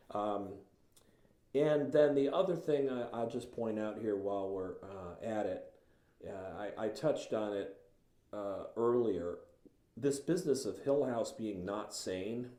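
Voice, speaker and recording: A man teaching about writing in a thoughtful, relaxed lecture, savoring words and slowing down to read passages aloud with emphasis. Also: lowish voice, reverberant. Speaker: writing instructor.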